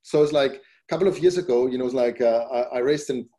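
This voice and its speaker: Man, podcast guest, rambling filler-heavy answers, mellow warm tone. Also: medium pitch, fast. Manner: rambling, repeats "you know, it's like" often; grows emphatic when making a point. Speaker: podcast guest, company founder. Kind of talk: casual interview answers.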